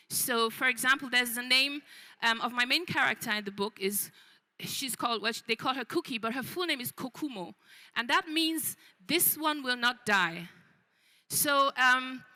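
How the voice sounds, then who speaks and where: A woman author talks to an audience about her book. Her voice sits high and sounds very bright. She speaks off the cuff, filling pauses with ums and starting phrases over. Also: low-quality recording. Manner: unscripted, frequent ums and restarts. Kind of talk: book fair talk to an audience.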